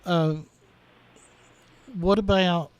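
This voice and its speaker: A man's voice: high voice, steady tone, very slow, clean tone, no echo, dull audio. A man in his sixties hosting a radio interview, easygoing and joking, with hesitant ums in his casual chat. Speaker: radio host.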